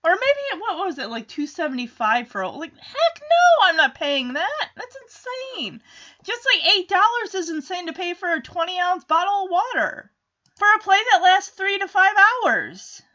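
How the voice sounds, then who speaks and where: A woman chatting through a sitcom recap. Her voice is high and bright, and it swings widely in pitch. The recording sounds a bit dull and muffled. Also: big pitch swings, normal speed. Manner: chatty, acts out characters' lines. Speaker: show recap host. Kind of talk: casual episode recap.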